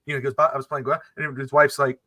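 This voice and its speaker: A young man from the Miami area co-hosts a podcast, spinning a long story in casual conversation and voicing both sides of each exchange. His voice sits at a medium pitch and races along very fast, with no echo in the recording.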